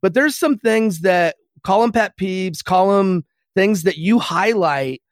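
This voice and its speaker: A man hosting a podcast interview, asking measured, prompting questions. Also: sits high, lively intonation, no room sound, studio quality. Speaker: podcast host.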